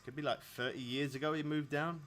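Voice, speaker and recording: This man's voice is fairly high and a bit bright, his tone steady and pace fairly quick, with slight background noise. He's an Englishman in his thirties streaming a fishing game, rambling chattily to viewers and laughing often.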